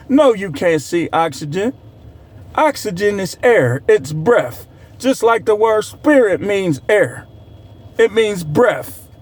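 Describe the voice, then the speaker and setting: A man with a high, light voice ranting in heated commentary. He scolds and mocks, his tone sarcastic and cutting, dropping low when he imitates the people he criticizes. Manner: heated, scolding, sarcastic, swings pitch to mock. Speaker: commentary creator.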